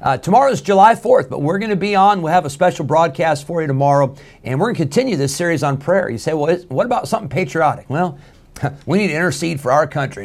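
A man, a pastor and podcast host, teaching in a plainspoken, earnest way with frequent hesitations and restarts. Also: fairly high pitch.

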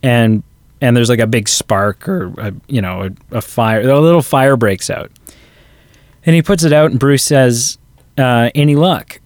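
A podcast co-host, male, chats about a movie in a casual review, retelling scenes along with quoted lines. He speaks at a measured pace with medium pitch, and the audio carries no room sound.

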